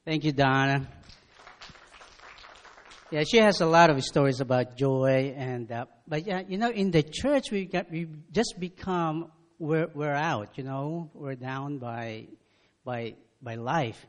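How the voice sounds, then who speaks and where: A man's voice: on the high side, takes it slowly. A man leading a church meeting, preaching in a conversational way with plenty of fillers. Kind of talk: sermon.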